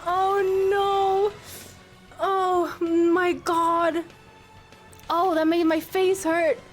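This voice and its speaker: A woman's voice: very high-pitched, flat delivery, drawn-out words, faint music behind. A young woman streaming, chatting casually with her viewers, giggling often as she reads and answers chat.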